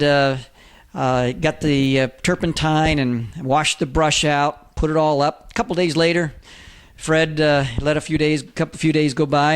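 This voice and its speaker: A man in his fifties tells a personal story to draw a lesson from it. His voice sits a little high for a man, and he talks in a folksy way, stopping often on "uh" as he goes. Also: clean tone. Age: 50s. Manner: halting, many "uh" fillers, folksy. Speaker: author and motivational speaker.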